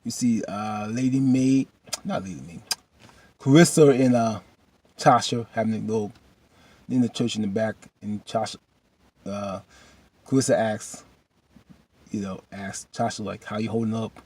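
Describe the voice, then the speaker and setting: Husky man casually recapping a TV episode. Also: lowish voice, fairly even intonation, moderate pace, long pauses, darkish tone. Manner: retells scenes loosely with many fillers and asides; talks straight to characters, preachy at times.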